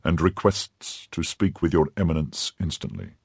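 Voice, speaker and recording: A dutiful officer, voiced by a male reader, formal and deferential. The voice is deep and husky, heard close and dry. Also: big pitch swings, moderate pace, no echo, exaggerated voice.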